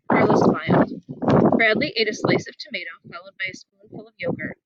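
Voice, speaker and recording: A woman reading a children's novel aloud outdoors in the wind, animated and giving the characters voices. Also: a little high, a little fast, lo-fi sound. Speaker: reader. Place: outdoors, windy.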